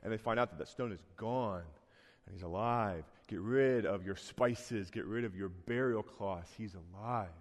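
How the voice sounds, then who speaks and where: A man's voice: on the low side, moderate pace. A man preaching a sermon in a church, conversational and earnest, with sudden rising bursts of emphasis. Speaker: pastor. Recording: long hall reverb.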